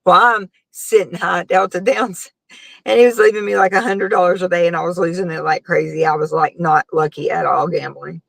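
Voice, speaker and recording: A middle-aged woman talks in a loose, rambling way to her viewers, her speech full of fillers. Her voice has a gravelly edge. It sounds dry and close, with no room echo. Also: on the low side, steady tone, a little fast. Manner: rambling, chatty storytelling with many fillers. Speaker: host. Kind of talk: casual live chat with viewers.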